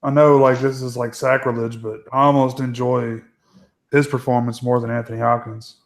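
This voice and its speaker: A man's voice: medium pitch, flat delivery, moderate pace. A man co-hosting a casual movie commentary, hesitant and full of fillers. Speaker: commentary co-host.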